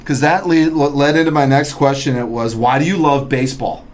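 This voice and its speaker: A man hosting an interview, friendly and self-deprecating, firing off quick questions. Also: mid-range voice, fairly even intonation. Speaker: interview host. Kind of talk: casual interview chat.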